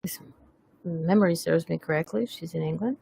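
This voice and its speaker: A woman's voice: on the low side, normal speed, vocal fry, mellow, breathy edge, no echo. A woman hosting a webcast, chatting casually, teasing herself and laughing often. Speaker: webcast host. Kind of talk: casual chat.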